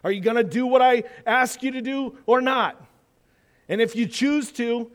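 High-voiced animated preacher in a hall. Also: male voice, moderate pace. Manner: animated, acts out quoted voices. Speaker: pastor. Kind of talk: sermon.

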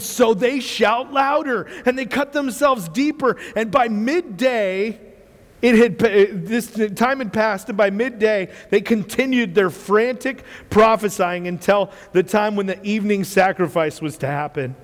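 A man preaching a sermon with animated storytelling, acting out quotes and laughing often as he goes. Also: sits high, unhurried. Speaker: pastor. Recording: reverberant hall.

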